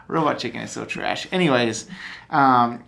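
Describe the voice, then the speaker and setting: A man co-hosting a casual podcast chat, an animated storyteller who acts out quotes, with a tired voice. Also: medium pitch. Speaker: podcast co-host.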